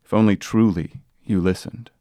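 A man preaching a sermon as pastor, earnest and plain, building to loud emphatic passages. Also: fairly low pitch, steady tone, normal speed, no echo. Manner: earnest preaching, rising to loud sung quotes.

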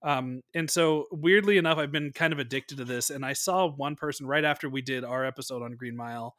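A man co-hosting a podcast, talking films casually, rambling and animated, swearing freely. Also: medium pitch, fairly quick, no room sound, studio quality. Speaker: podcast co-host. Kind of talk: casual film discussion.

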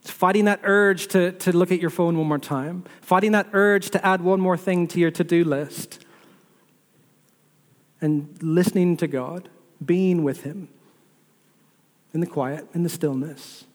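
A man's voice: high voice, a little slow, pauses often. A man preaching a sermon as pastor, building repetitive lists and asking the listeners rhetorical questions. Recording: long reverb of a large hall.

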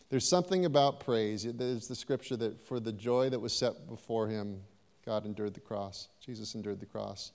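A man's voice: fairly low pitch, normal speed, creaky, a little mellow, long reverb tail. A man preaching a sermon in a church, talking conversationally and turning to the congregation now and then. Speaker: pastor. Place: church sanctuary.

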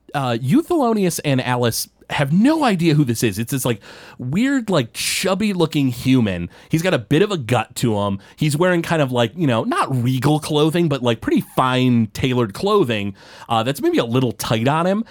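A man's voice: on the high side, sing-song, moderate pace. A man running a tabletop game as game master, narrating in a rambling way with many fillers.

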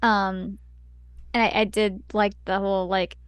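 A woman's voice: medium pitch, little pitch movement, a little slow, clean tone, no room sound. A woman chatting on a podcast with a mid-range voice, recorded close and dry. She chimes in with short remarks and laughs. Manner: chiming in with short reactions and laughs. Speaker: podcast co-host. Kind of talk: casual chat.

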